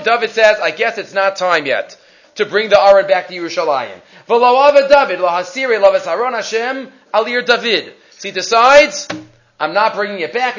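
A man with a fairly high voice leads a lecture on religious texts. He reads each passage, translates it, and asks questions that he then answers. The recording is dull and lo-fi. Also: fairly bright tone. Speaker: Torah teacher. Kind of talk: text-based lecture.

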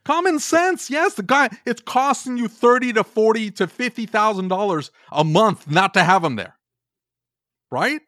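A podcast co-host rants in an exasperated, heated way, swearing casually through the animated conversation. His voice sits high and a bit bright at a normal speed, recorded with studio quality and no room sound.

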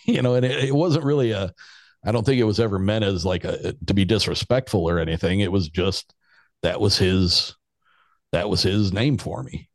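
A man in his fifties tells a long, rambling story as a podcast guest. His voice sits very low. The sound is dry and close, and he chuckles his way through the telling. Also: moderate pace, dry recording. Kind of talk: casual storytelling.

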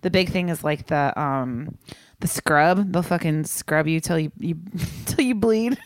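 A woman's voice: deep voice, unhurried, dry recording, studio quality. A woman co-hosting a podcast, chatting casually with many fillers and frequent laughter. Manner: rambling, filler-heavy, laughs a lot. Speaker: podcast co-host. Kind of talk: casual chat.

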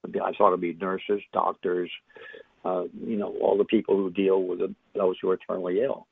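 An older man, an author and interview guest, telling his story in a reflective way, halting often with fillers and restarts. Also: low voice, flat delivery, gravelly, husky, no echo. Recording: tinny phone line.

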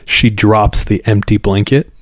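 Low-voiced man telling a spooky story. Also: flat delivery, a little slow, no echo, studio quality. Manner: loose and conversational, repeats words, fillers. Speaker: podcast host. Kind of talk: casual spoken storytelling.

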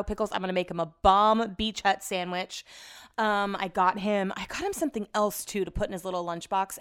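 Young woman podcasting, just chatting, kinda fed up, swears a bunch, laughs at herself. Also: medium pitch. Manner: chatty, exasperated storytelling with swearing; laughs at herself mid-story. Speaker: podcast host. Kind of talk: casual chat.

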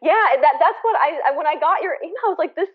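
A woman's voice: high-pitched, lively intonation, rapid-fire. An American woman in her thirties, a guest artist telling a story in a casual interview, earnest and searching, full of restarts and fillers. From United States. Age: 30s. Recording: tinny phone-like line.

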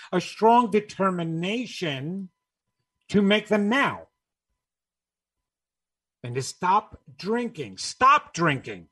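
A man whose voice is on the high side and a bit bright gives a motivational talk about New Year's resolutions. He's emphatic and rhetorical, repeating his key phrases and putting questions to the listener.

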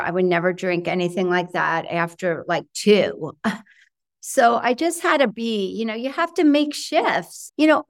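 Chatty, animated woman interview guest. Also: on the low side. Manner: animated, chatty, many fillers and quoted self-talk. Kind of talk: conversational interview.

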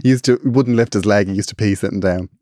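A man's voice: lowish voice, quick pace, darkish tone, no echo, studio quality. An Irish man co-hosting a podcast, teasing and wry in casual chat. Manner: wry, teasing, laughs at his own jokes. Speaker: podcast co-host.

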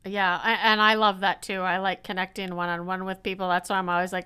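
Podcast host, woman, crisp and bright, asks easy follow-ups. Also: medium pitch, steady tone, brisk, few pauses. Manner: warmly affirming, asks follow-up questions. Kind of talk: conversational interview.

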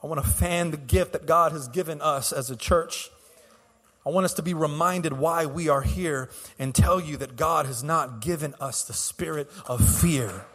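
Male pastor, high husky voice, impassioned sermon, swings soft to loud, echoing sanctuary. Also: normal speed. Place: church sanctuary.

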